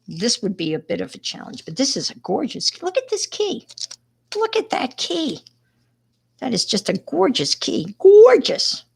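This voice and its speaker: A woman's voice: fairly low pitch, vocal fry, fairly bright tone, a little hiss or hum. A middle-aged woman with a New York accent, chatting casually with viewers on a crafting livestream and greeting them by name.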